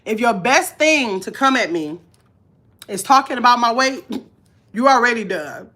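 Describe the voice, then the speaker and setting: A woman's voice: fairly high pitch, expressive, measured pace, sharp tone. A woman vlogging live to her chat in casual talk, blunt and emphatic, repeating her points.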